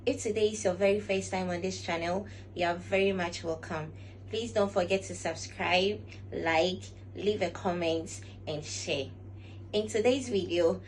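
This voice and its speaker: A woman giving measured, instructive lifestyle advice to camera. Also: medium pitch, slight background noise, poor audio. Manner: measured and instructive, often recaps with "all right". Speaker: lifestyle vlogger. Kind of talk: casual advice talk to camera.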